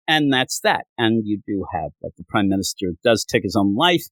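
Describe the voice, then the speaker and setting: A man hosting a casual comic review, retelling scenes with quick character voices. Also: lowish voice, very animated, a bit bright, no room sound. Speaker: comic book podcast host.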